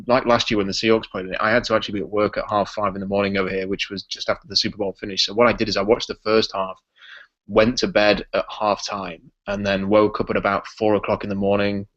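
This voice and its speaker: A man from Yorkshire with a Yorkshire English accent, a podcast guest chatting casually in a relaxed, rambling way with lots of ums. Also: on the low side, quick pace, dull audio. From Yorkshire, England.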